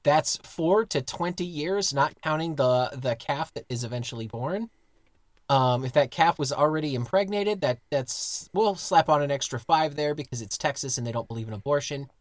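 A man's voice: on the high side, normal speed, no room sound. Jokey guy on a podcast, crude and playful, dry close sound. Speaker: podcast co-host. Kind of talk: casual chat.

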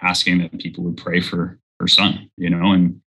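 A man's voice: low-pitched, monotone, moderate pace, bright, forceful tone, husky, poor audio. A man in his thirties earnestly telling a personal faith story as an interview guest. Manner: earnest storytelling, acts out quoted voices. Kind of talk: personal testimony in conversation.

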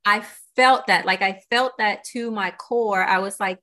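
On a podcast, a female guest with a bright, forceful mid-range voice talks unhurriedly with few pauses. Her conversation is candid, earnest and reflective, peppered with "you know" and "right?".

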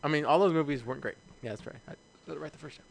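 A man's voice: a little high, very fast, gravelly. A young man with a slightly raised voice talks through films in loose, rambling casual chat. He swears freely and breaks into laughter often, with plenty of fillers.

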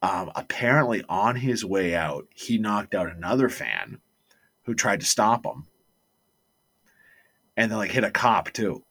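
A man's voice: fairly low pitch, unhurried, pauses often, breathy edge. A man co-hosting a podcast, telling stories in a casual chat and acting out the quotes. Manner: animated, acts out quotes.

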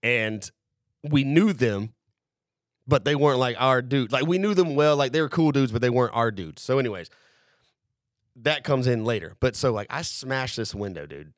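A man's voice: mid-range voice, animated, moderate pace, no echo, clean studio sound. Profane, rambling male storyteller. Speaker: podcast host. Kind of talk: casual storytelling.

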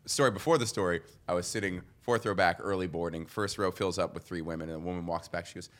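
A man's voice: low voice, quick pace, hardly any pauses. A young adult man, a guest comedian, telling a story on a podcast and acting out the people in it.

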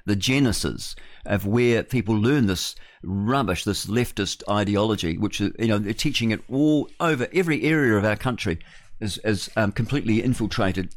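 A man's voice: lowish voice, no room sound. A man hosting a talk radio show, blunt and scoffing, rambling through fillers. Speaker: radio host. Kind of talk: opinionated talk radio monologue.

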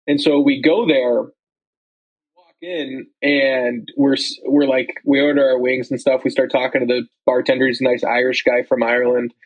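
Husky-voiced young man telling rambling stories. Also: mid-range voice, flat delivery, moderate pace, highs cut off. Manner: rambling storyteller, lots of likes and ums. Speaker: podcast co-host. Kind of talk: casual chat.

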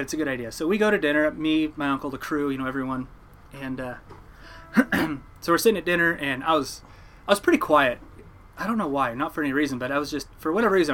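Fast-talking young fisherman telling a story. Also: medium pitch, a little hiss or hum. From Oregon coast, US. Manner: animated storyteller, acts out quoted voices. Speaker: guest, commercial fisherman. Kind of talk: casual storytelling interview.

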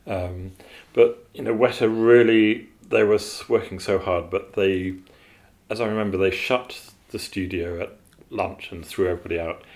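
A man with a very low voice recalls his years as an animator in a relaxed interview. He wanders through his stories, trailing off with ums and starting over mid-sentence. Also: normal speed. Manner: rambling, with many fillers and restarts. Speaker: animator guest. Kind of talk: interview storytelling.

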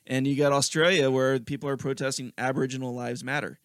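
A man's voice: medium pitch, flat delivery, fast talker, no echo, studio quality. A man co-hosting a podcast in casual chat, giving blunt, opinionated takes. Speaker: podcast co-host.

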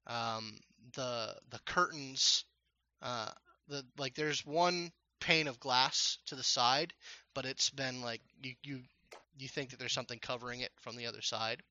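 A man narrating a tabletop game as game master, rambling and halting with many fillers. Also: medium pitch, bright, forceful tone, highs cut off.

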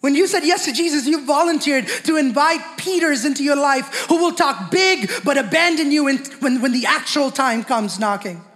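Very high-voiced fervent preacher in a reverberant hall. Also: male voice, a bit bright. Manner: fervent, repetitive, asks the congregation questions. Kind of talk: sermon.

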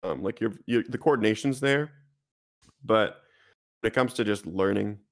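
A young man with a low, gravelly voice that drops into vocal fry. He co-hosts a podcast in a relaxed, rambling style, laughing easily as he talks. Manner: laid-back, rambling, quick to laugh. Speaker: podcast co-host. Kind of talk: casual chat.

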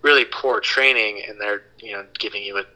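A man in his thirties, a podcast guest, telling a long story in a casual, animated way and acting out the voices he quotes. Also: lowish voice, brisk, poor audio. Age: 30s.

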